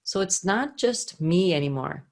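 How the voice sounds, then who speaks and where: A woman with a fairly low voice teaches a singing lesson online. She talks animatedly, jumping into little acted-out scenes to show what she means. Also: unhurried, creaky. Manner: animated, acts out scenes to illustrate. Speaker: singing coach.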